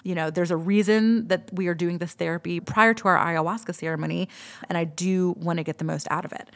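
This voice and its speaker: A woman's voice: lowish voice, steady tone, fairly quick. A woman in her thirties, a podcast host, telling a personal story in a candid, chatty way and swearing freely. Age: 30s.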